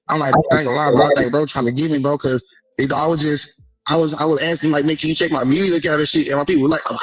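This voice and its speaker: A man's voice: fairly high pitch, steady tone, racing, breathy edge, dry recording, rough recording. A man in an interview clip telling a story in casual street slang, acting out what people said and often checking in with his listener. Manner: slangy, keeps repeating a filler question and acting out dialogue. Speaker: interview guest.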